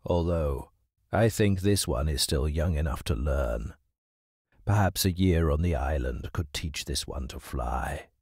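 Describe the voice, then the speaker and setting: A man voicing a proud, condescending male hawk with a deep, unyielding voice in an audiobook story. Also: a little mellow, slightly rough, no room sound, clean studio sound, full character voice. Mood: measured. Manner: slow, condescending.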